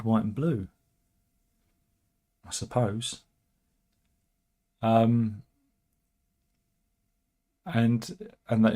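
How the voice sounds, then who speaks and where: Man, casual news commentary, wry, chatty, middle pitch. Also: a little mellow. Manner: wry, chatty, with asides and restarts. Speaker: host.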